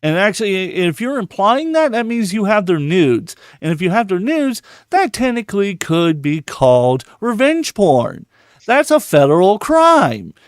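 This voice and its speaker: A man's voice: high-pitched, big pitch swings, measured pace, no echo, studio quality. A man hosting a casual live podcast, swearing constantly and mocking the posts he reads aloud. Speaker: podcast host.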